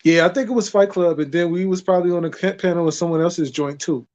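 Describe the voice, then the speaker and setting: Man, guest, quick and high-pitched, dull lo-fi call audio, animated slangy chat. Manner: fast, animated storytelling with slang. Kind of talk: casual chat.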